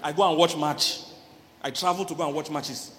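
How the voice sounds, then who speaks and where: A middle-aged man, a relationship coach giving a lively church sermon on marriage, often laughing and acting out voices. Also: fairly high pitch, moderate pace, in a large hall. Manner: animated, laughing, acts out quoted voices.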